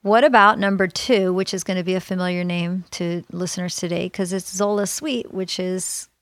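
A woman's voice: fairly low pitch, fairly even intonation, moderate pace, no room sound. A woman hosting a legal podcast, upbeat and chatty, laughing easily with her guest. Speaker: podcast host.

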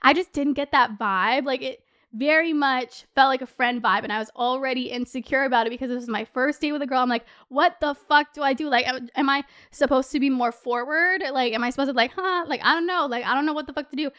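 A woman's voice: sits high, quick pace, a bit bright, clear, resonant tone. A young woman in her twenties hosting a podcast, telling a story in a chatty way, swearing often and saying "like" a lot. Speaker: podcast host. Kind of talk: casual storytelling.

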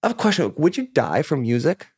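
A man's voice: on the high side, big pitch swings, fast, vocal fry, darkish tone, slightly rough, dry recording, clean studio sound, pitched above the performer's own voice, full character voice. A man retelling the words of an older woman chemo patient, blunt and encouraging, in his own casual voice. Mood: urging. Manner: blunt, pushy questions.

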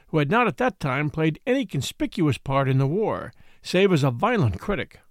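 A man narrating an audiobook of a memoir, his slightly high voice rising and falling with lively expression. He reads as a storyteller and gives the quoted lines a touch of acting. The recording is close and dry, with no room sound. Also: no room sound. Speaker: podcast host and narrator.

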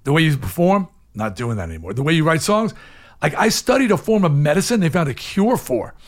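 A man in his sixties, a guest in an interview, telling his story in a candid, animated way, from loud, emphatic bursts down to low, hushed asides. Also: fairly quick.

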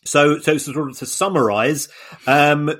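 A man's voice: a little high, a little slow, fairly bright tone. A man co-hosting a podcast, explaining things in a casual discussion with frequent restarts and repeated words. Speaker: podcast co-host.

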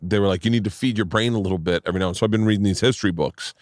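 A man's voice: lowish voice, racing, dry recording, clean studio sound. A man hosting a podcast outdoors, rambling and oversharing in casual chat, swearing freely. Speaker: podcast host.

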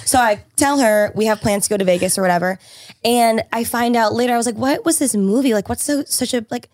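A young woman telling a funny story in casual podcast chat, animated and quick to swear, acting out quotes. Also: a little high, dry recording, clean studio sound. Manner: animated, swears freely, quotes others in raised voice.

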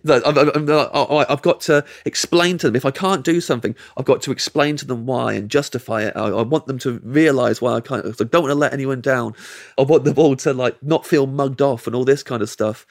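English man, comedian guest, storytelling, acts out voices, mid pitch. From England. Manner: animated, acts out quoted voices, laughs mid-sentence. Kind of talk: storytelling anecdote.

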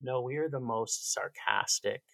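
A Canadian man chats as a podcast guest, his voice gravelly at the edges. He jokes with animated, sarcastic energy. The sound is close and dry, with no room around it. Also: medium pitch, measured pace, dry recording. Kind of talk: casual chat.

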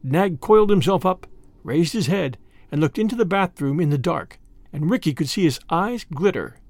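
A man reads a classic animal tale aloud with expressive, animated storytelling. His voice sits high and moves in lively swings, with a gravelly rasp running under it. The sound is dry and close. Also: normal speed, no room sound. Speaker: narrator. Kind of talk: storybook reading.

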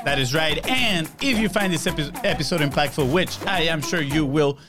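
A man with a Hispanic accent co-hosting a podcast, full of enthusiasm and hype. His voice is fairly high. Music is clearly heard behind him. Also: expressive, normal speed. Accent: Hispanic-accented English. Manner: enthusiastic, hype-style introductions. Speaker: podcast co-host. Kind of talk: casual podcast chat.

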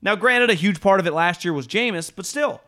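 A man co-hosting a casual sports betting chat, his slightly high voice swinging widely up and down as he rambles. He swears freely and laughs often, talking loosely and excitedly. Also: fairly quick. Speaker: sports betting podcast co-host.

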